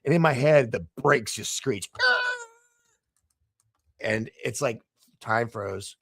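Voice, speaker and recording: A man guest on a podcast, telling a story in a casual, animated way, laughing often and stumbling over his words. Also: medium pitch, takes it slowly, gravelly, no echo.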